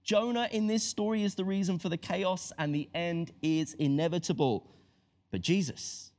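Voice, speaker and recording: A man preaching a sermon, telling a Bible story with animated asides and acting out the voices of its characters. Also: on the high side. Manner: animated storytelling, acts out voices of biblical figures.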